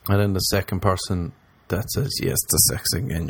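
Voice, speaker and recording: A man's voice: sits low, steady tone, normal speed, husky, dry recording. A young man hosting a podcast, a stand-up comedian rambling through a profane, jokey monologue. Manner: rambling, profane, jokey, with swings into mock voices.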